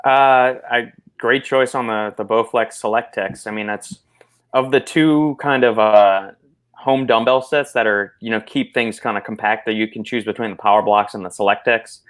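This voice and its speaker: A man co-hosting a live stream as a supplement expert, explaining in a relaxed, halting way. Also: fairly low pitch. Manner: relaxed, explanatory, hesitant restarts. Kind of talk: casual expert chat.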